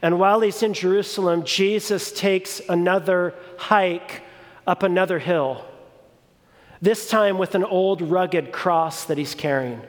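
High-voiced man preaching slowly in a hall. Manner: deliberate, emphatic, with repeated phrases. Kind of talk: sermon. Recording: long reverb of a large hall.

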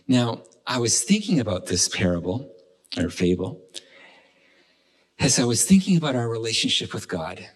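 A man's voice: mid-range voice, big pitch swings, rough recording. A man preaching a sermon, retelling a fable with frequent restarts. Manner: halting, with many restarts and fillers. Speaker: pastor. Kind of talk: sermon storytelling.

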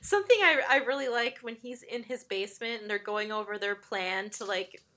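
A woman with a bright, slightly high voice talks through a film in relaxed conversation. She laughs easily and livens up whenever she quotes a character. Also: normal speed. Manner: chatty, laughs often, animated when quoting characters. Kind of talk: casual chat about a film.

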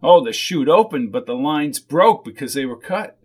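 Chatty small-town waitress, read by a man; gossipy, pitched up. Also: lively intonation, normal speed, breathy edge.

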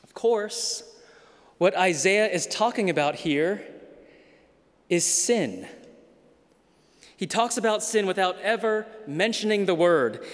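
A high-voiced man preaches with unhurried, deliberate delivery. He leans on dramatic pauses and emphatic repetition, and his voice rings with the long reverb of a large hall. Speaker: pastor. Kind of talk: sermon.

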